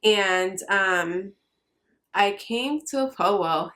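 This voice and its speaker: A woman's voice: mid-range voice, measured pace, a bit bright. A young adult woman telling her personal story straight to the camera in a vlog. She talks earnestly, hesitates often and sounds close to tears. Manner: earnest, hesitant with many fillers. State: emotional, near tears. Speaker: vlogger.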